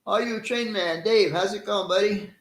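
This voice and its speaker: A man's voice: high voice, normal speed, echoey room, low-quality recording. A middle-aged man casually hosting a live stream, greeting viewers by name in a friendly, chatty way and laughing easily.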